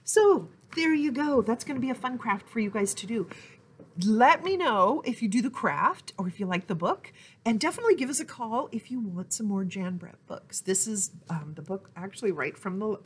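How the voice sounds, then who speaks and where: A woman's voice: fairly high pitch, animated, normal speed, slightly rough. A woman leading a library storytime lesson for toddlers, talking in a cheerful sing-song way. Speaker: children's librarian.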